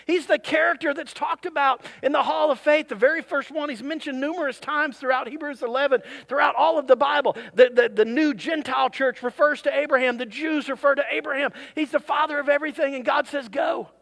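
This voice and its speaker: A pastor preaching a sermon to his congregation, with animated delivery and jokey asides to the crowd. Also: very high voice, fairly quick, vocal fry, hardly any pauses. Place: church service.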